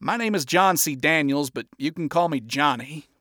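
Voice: medium pitch, animated, a little slow, a bit bright, no echo, clean studio sound. A narrator voicing a polite, folksy man with a laid-back drawl. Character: friendly folksy male bassist. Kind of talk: amateur audiobook reading.

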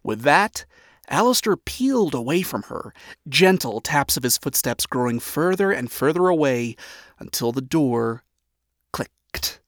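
Male storybook narrator, steady reading, medium pitch, dry close sound. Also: a little slow, dry recording.

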